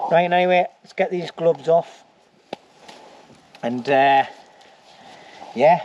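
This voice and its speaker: Chatty man with a mellow voice. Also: fairly high pitch, takes it slowly, pauses often, highs cut off, a little hiss or hum. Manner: chatty and joking, with lots of "anyway" and "like". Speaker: bushcraft vlogger. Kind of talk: casual outdoor vlog narration. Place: woods outdoors by a campfire.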